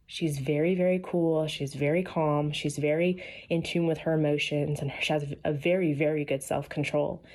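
A woman, a mother in her thirties, talks in an earnest, heartfelt way about family and faith, rising high when she gets excited. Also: normal speed. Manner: earnest, animated, rising to a high pitch on excited or quoted lines. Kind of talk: casual heartfelt talk.

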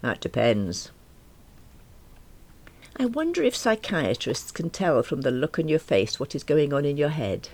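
A woman's voice: low-pitched, sing-song, normal speed, hardly any pauses, darkish tone. A middle-aged woman, reading a first-person audiobook in a wry, self-deprecating manner. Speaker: audiobook narrator.

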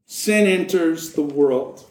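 A man's voice: on the high side, slow, a little mellow, echoey room, low-quality recording. A man preaching a sermon as pastor, reading scripture and then retelling it with jokes and playful asides.

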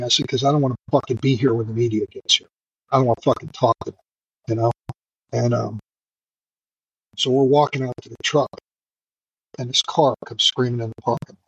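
A man's voice: medium pitch, normal speed, pauses often, fairly bright tone, husky, no room sound, rough recording. A middle-aged man, a firefighter, telling a raw story in an interview, profane and emotional, rambling with many fillers. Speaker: firefighter and podcast guest.

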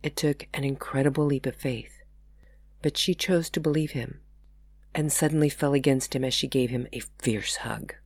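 A woman podcast host reads her own novel aloud in a steady storytelling voice. The sound is close and dry, with no echo around it. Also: very deep voice, moderate pace, breathy edge.

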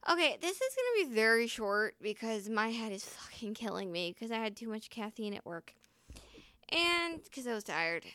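Bright, smooth-voiced woman chatting freely. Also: a little high, big pitch swings, normal speed, dry recording. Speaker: vlogger reading her own story. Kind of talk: casual chat, then reading a story aloud.

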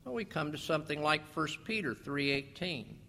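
A man preaching a sermon as pastor, animated, slowing down for scripture and putting questions to the congregation. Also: fairly high pitch, creaky. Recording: long reverb of a large hall.

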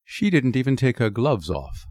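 A man narrating a short story in an expressive, wry storybook reading. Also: mid-range voice, moderate pace, no room sound, studio quality. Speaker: narrator, reader.

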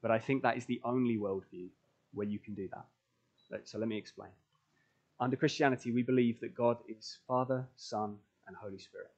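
Earnest preacher, lo-fi church recording. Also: male voice, mid-range voice, steady tone, brisk, darkish tone. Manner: earnest, building emphasis with repeated phrases. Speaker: pastor. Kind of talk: sermon. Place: church, recorded for online stream.

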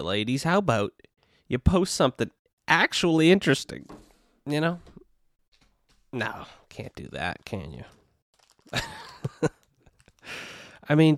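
A man's voice: medium pitch, dry recording. A young adult man hosting a casual solo podcast, rambling and profane with constant "you know" and "dude" fillers. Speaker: podcast host.

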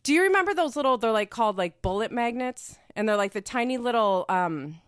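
A woman's voice: on the high side, expressive, a little fast, clear, resonant tone, no echo. Woman podcast host, rambling casual chat, dead-dry close sound. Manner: rambling, filler-heavy storytelling.

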